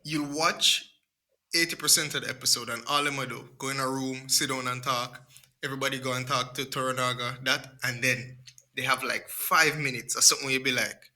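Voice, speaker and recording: A man's voice: medium pitch, fairly even intonation, a little fast, pushed and bright. A young man, co-hosting a casual podcast chat in a laid-back, slangy way. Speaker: podcast co-host.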